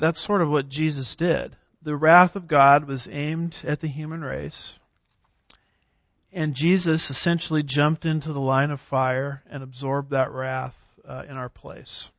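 Man lecturing on theology, slightly high. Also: fairly even intonation, no echo, lo-fi sound. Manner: reads scripture slowly with emphasis; clears throat, occasional fillers. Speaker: theology teacher. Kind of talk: classroom lecture on doctrine.

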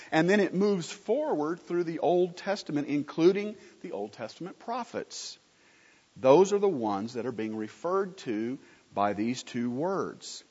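Animated preacher in a reverberant hall. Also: male voice, on the high side, slightly rough. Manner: asks the congregation questions and answers them himself; animated, emphatic teaching. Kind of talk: sermon. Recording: muffled recording with long hall reverb.

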